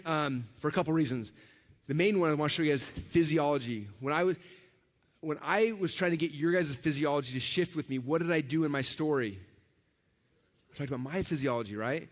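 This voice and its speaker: Fast-talking man on a conference stage. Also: a little high. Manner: animated, acts out the voices in his stories. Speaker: conference speaker. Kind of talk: storytelling keynote talk. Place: large event hall with a live audience. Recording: reverberant hall recording.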